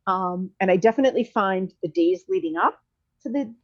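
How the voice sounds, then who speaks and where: Speaking a little fast at medium pitch, a woman in her thirties appears as a guest in a chatty podcast interview. She's candid but rambling, constantly using fillers and starting over, and the audio is dull and lo-fi.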